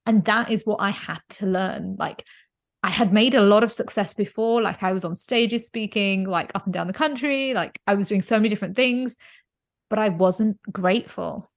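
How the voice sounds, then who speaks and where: A woman with a mid-pitched voice hosts a podcast. She tells stories in a casual, chatty way, and her phrasing is full of fillers and restarts. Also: moderate pace. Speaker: podcast host. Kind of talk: casual conversational storytelling.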